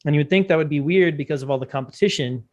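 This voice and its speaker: A man's voice: on the high side, rapid-fire, a little mellow. A man as a guest in a casual livestream chat, explaining ideas thoughtfully.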